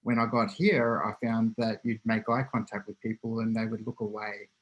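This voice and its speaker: A man from regional Australia answering in an online class discussion, measured and a little hesitant. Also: lowish voice, steady tone, muffled recording. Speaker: student. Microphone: video call.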